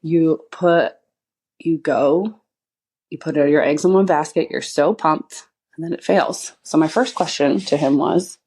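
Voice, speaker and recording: A woman with a low, husky voice talks through a casual solo podcast episode. She rambles from story to story, often laughing and acting out what people said. Her tone is mellow and relaxed. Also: a little slow. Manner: rambling storytelling with frequent laughs and acted quotes. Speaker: podcast host and chiropractor.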